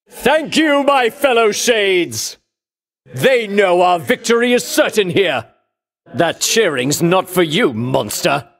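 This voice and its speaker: Grandiose game hero, vain champion, high and swooping, unhurried declamation. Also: male voice, a bit bright, full character voice. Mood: rallying crowd. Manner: grandiose, theatrical taunting. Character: pompous boastful male hero champion. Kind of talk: video game voice acting.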